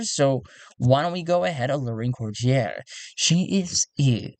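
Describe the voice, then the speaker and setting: A man narrating his solo tabletop role-play game in a casual way. He talks slowly, thinks aloud and restarts often. The recording is dry and close. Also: medium pitch, expressive, dry recording.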